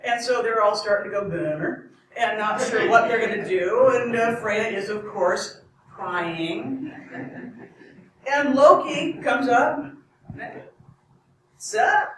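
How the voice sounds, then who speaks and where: A woman's voice: on the high side, a little slow, slight background noise. Woman storyteller, wry and rambling, distant mic in a reverberant venue. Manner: rambling, self-correcting, wry asides. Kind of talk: live comic storytelling. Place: live event room. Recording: echoey room from far off.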